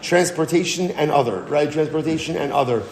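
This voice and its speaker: A man teaching a daily Talmud lesson as a rabbi, telling the story with lively, casual asides. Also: on the high side, brisk, a crowd in the background. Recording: long hall reverb.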